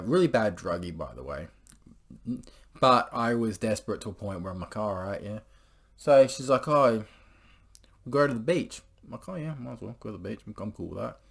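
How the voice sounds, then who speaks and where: A young man with a fairly low voice telling a personal story to camera. He rambles in a crude, offhand way, swearing freely and scattering filler words through every sentence. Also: creaky. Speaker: vlogger. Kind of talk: casual storytelling monologue.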